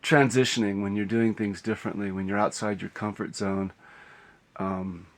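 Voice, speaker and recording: A man's voice: lowish voice, little pitch movement, normal speed. A man vlogging from the road in a casual, rambling, reflective way, laughing now and then. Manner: musing, rambling, given to laughing. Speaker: travel vlogger. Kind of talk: casual reflective vlog talk. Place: outdoors on the road, then inside his vehicle on a cold morning.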